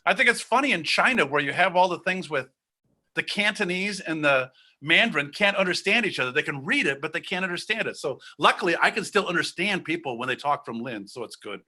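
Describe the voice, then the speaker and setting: A man from Ohio telling a personal story as a guest storyteller, animated and acting out the voices of the people in it. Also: fairly high pitch, brisk. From Ohio, USA.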